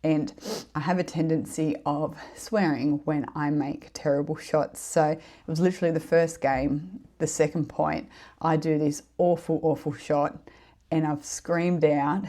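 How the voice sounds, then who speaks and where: A woman's voice: sits low, fairly even intonation, normal speed, mellow. A middle-aged woman hosting a podcast, telling a story in a chatty, rambling way with many fillers and giggles. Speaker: podcast host. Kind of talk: casual storytelling monologue.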